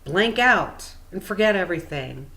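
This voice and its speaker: A woman's voice: fairly low pitch, lively intonation, measured pace, bright, forceful tone. A woman spiritual coach explaining things in a casual, meandering, chatty way with frequent fillers.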